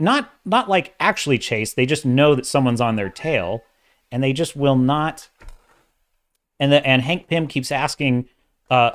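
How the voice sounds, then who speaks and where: A man hosting a casual livestream of entertainment commentary, opinionated and exasperated, talking in bursts with restarts. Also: medium pitch. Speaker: host of a sci-fi and fantasy commentary channel.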